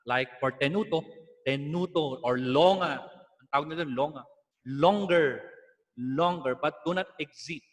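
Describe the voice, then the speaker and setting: A man's voice: a little high, moderate pace, long reverb tail. A man with a Filipino accent teaching an online music lesson, explaining patiently and slipping in Tagalog asides.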